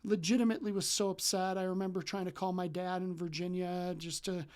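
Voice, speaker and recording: Animated, chatty man in his forties. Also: a little fast, clear, resonant tone. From Wisconsin, USA. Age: 40s. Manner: acts out remembered dialogue with jumps in pitch and loudness; loose and chatty, full of ums and likes. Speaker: relationship coach. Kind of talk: casual personal storytelling.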